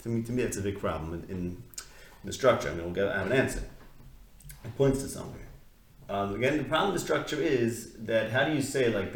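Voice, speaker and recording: A man teaching a text study class in a conversational, questioning way, often restarting his sentences. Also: medium pitch. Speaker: Torah teacher. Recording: echoey room.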